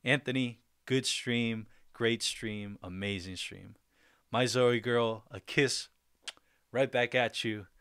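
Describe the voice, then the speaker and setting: A man's voice: mid-range voice, steady tone, takes it slowly, clear, resonant tone, no echo, clean studio sound. Upbeat laughing man hosting a livestream. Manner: upbeat, laughs often, shouts out viewers. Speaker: livestream host. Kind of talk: casual livestream chat, reading viewer comments.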